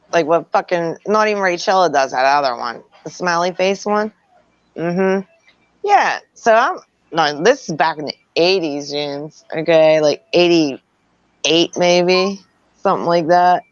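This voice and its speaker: A middle-aged woman with a fairly low voice laughs her way through an animated, profane story in casual conversation. The recording is close and dry with no room sound, and slightly dull and lo-fi.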